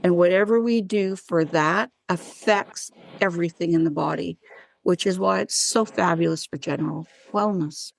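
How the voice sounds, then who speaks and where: The woman's voice here is fairly low and creaky, moving at normal speed. As a wellness practitioner being interviewed, she tells animated stories and voices the dialogue in them.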